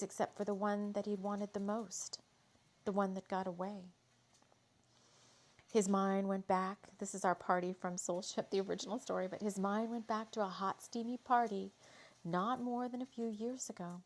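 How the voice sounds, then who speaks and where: A woman's voice: medium pitch, fairly even intonation, moderate pace. Woman reading a spooky story aloud. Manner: leisurely, dramatic read with asides.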